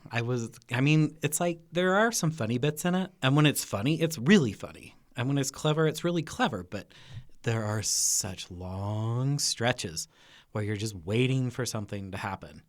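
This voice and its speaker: A man co-hosting a movie review podcast, measured and given to laughing. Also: medium pitch, expressive. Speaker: podcast co-host. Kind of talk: casual movie review chat.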